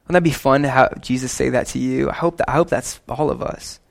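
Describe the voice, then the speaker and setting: A young man preaching a sermon to his church in a lively, conversational way, with quick asides and casual slang. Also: medium pitch, creaky. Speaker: pastor.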